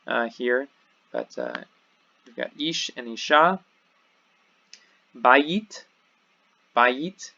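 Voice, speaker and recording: A man's voice: medium pitch, creaky, bright, forceful tone. A man teaching a recorded online lesson, explaining step by step and saying each word twice. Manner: slow, explains step by step, repeats words twice. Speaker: Hebrew teacher. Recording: dull lo-fi audio.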